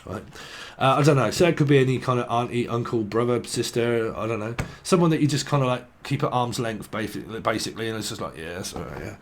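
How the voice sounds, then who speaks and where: A man's voice: mid-range voice, fast, hardly any pauses, a little hiss or hum. Rambling, jokey man. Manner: rambling, jokey, swears, playful word associations. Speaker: tarot reader. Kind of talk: casual tarot reading monologue.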